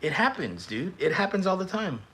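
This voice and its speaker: A young man hosting a live stream, teasing and reacting in a loose, excitable way. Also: high voice, normal speed, breathy edge. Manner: excitable, teasing, shouts and stretches words at big moments. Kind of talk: casual live-stream commentary.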